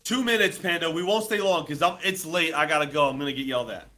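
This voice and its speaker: A man co-hosting a casual livestream, talking in a loud, excitable, hype-filled way. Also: on the high side, quick pace. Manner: loud, excitable, pleading and hyping. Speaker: co-host, mining business owner.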